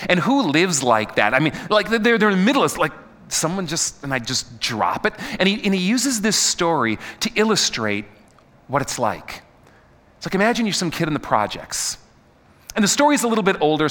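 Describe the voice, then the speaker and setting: Lively middle-aged pastor in a reverberant hall. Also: male voice, a little high. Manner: animated, asks the audience questions, stumbles and repeats words. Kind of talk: conversational sermon.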